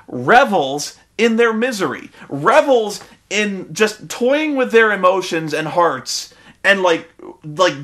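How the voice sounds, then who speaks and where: A man's voice: high voice, pushed and bright. A man in a casual, profane film review rant, exasperated and full of restarts.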